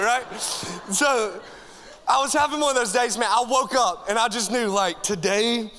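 A high-voiced man preaches with lots of energy, cracking jokes and calling out to the crowd. His tone is bright and sharp, and a long reverb from the big church hall trails after each phrase. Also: a little slow, slight background noise. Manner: animated, joking, talks straight to the crowd. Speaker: youth pastor. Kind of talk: energetic sermon to a congregation.

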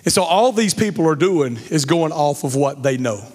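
A middle-aged male pastor preaching a sermon, telling a story with lively acted-out quotes and then speaking to the congregation. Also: fairly high pitch, normal speed. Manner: animated storyteller, acts out quotes loudly. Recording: long hall reverb.

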